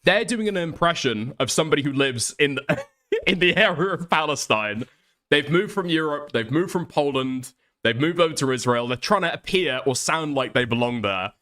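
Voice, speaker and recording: A man's voice: a little high, animated, normal speed, pushed and bright. A man hosting a commentary stream, rambling and swearing with laughing asides. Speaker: streamer host.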